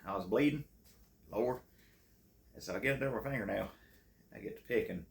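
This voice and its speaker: A man's voice: mid-range voice, brisk, creaky. A man from telling hunting stories in a casual, folksy way, laughing easily. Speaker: channel host and storyteller. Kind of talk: casual storytelling. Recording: echoey room.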